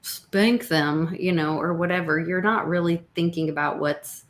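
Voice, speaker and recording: A woman's voice: on the low side, unhurried. A woman in casual chat, giving firm, opinionated views. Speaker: guest co-host. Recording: roomy echo.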